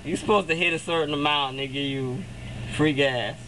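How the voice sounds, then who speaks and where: A woman's voice: low voice, fairly quick. A young woman in her twenties casually telling a story on her vlog, chatty and laughing often as she acts out what others said. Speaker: vlogger. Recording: noisy background with passing vehicles.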